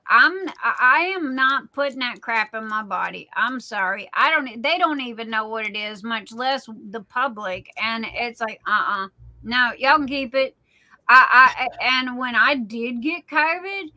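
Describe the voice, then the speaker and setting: A woman's voice: fairly high pitch, pushed and bright, poor audio. A middle-aged woman, chatting casually as a guest on a live stream. She tells stories in a rambling way and often repeats and restarts her words. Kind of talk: casual chat.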